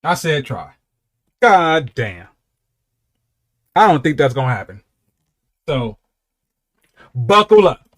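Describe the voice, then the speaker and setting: A man hosting a casual reaction video, talking in an animated, profane way and laughing often. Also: medium pitch, takes it slowly, pauses often. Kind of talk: casual reaction commentary and storytelling.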